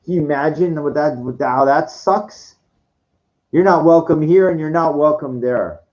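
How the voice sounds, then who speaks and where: On dull lo-fi audio, a man in his forties with a fairly high, slightly mellow voice talks at normal speed. It's a solo rant about his life, rambling, riddled with stammered restarts, constant cursing and exasperated outbursts.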